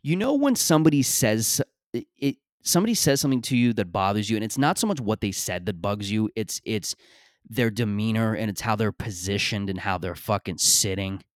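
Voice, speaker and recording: A man hosting a podcast, telling stories in a rambling, profane, animated way, often stammering and restarting his sentences. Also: fairly low pitch, a little fast, dry recording, clean studio sound. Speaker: podcast host. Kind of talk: casual comedic monologue.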